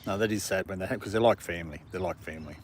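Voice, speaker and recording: A man's voice: low-pitched, very fast, heavy background noise. A man chatting casually on a live stream, talking to his dog and viewers and laughing often. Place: park outdoors in the evening.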